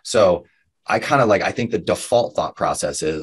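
A man hosting an interview as a real estate coach, talking casually in a rambling, animated way. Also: lowish voice, a little fast. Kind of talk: interview conversation.

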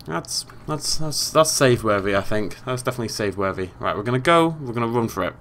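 An excitable British man commentates a video game, his voice bright and bouncing all over the place as he shifts from frustrated shouts to muttered asides. Faint hiss sits behind him. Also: medium pitch, fast. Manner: exasperated, swinging from yelling to muttering. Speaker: gameplay commentator. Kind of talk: let's play commentary.

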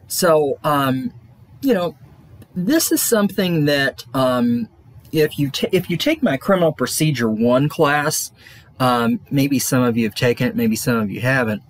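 A male college lecturer talks through his material in a loose, rambling way. His slightly husky voice swings widely in pitch, and he fills pauses with ums and restarts. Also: expressive, no room sound. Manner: rambling, many fillers and restarts. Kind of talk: classroom lecture.

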